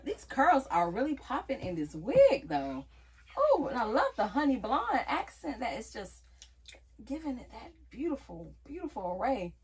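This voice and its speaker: A woman's voice: on the high side, wildly swooping pitch, moderate pace, a little mellow, breathy edge. A woman vlogging a wig review in a casual, playful way, often calling viewers y'all. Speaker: beauty vlogger.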